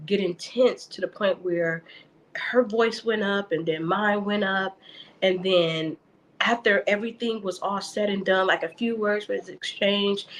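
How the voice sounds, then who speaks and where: Her voice is mid-range and a little bright, captured on a rough recording. As a podcast guest in a casual faith conversation, she speaks sincerely about her beliefs and looking after her mother, frequently repeating words as she gropes for the right ones.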